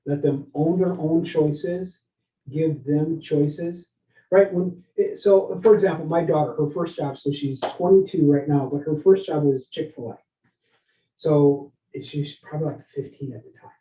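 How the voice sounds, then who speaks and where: A man giving a leadership workshop, energetic and interactive, often asking his listeners questions and tagging lines with "right?". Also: on the high side, unhurried. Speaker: leadership speaker. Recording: roomy, dull lo-fi sound.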